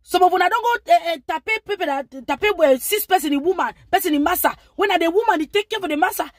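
A woman's voice: very high voice, fast talker, no echo, studio quality. A woman with a Nigerian accent giving rambling, lecturing advice in a casual live-stream monologue. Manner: rambling, lecturing, with frequent asides.

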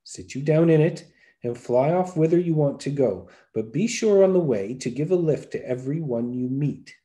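A man's voice: a little high, lively intonation, normal speed, warm tone, natural voice. A man voicing a kind, wise ancient old man in a folktale reading. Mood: advising.

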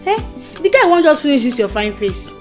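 A woman's voice: high-pitched, big pitch swings, fairly quick, soft background music. An actress with a Nigerian Pidgin accent playing a brash young woman who taunts and insults a man. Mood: coaxing. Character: brash, scornful young woman egging on her friend.

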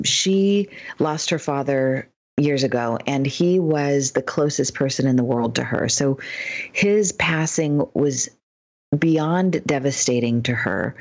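Radio guest, woman, low voice, expressive storyteller who plays out the dialogue. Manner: animated storyteller, acts out quoted dialogue. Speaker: guest, dream expert. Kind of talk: radio talk show interview.

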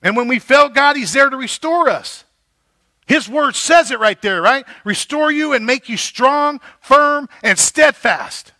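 A man's voice: extremely high pitch, animated, unhurried, bright, forceful tone, no echo. A male pastor preaching a sermon, building emphasis and checking in with the congregation. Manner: preaching with rising emphasis and repeated "right?".

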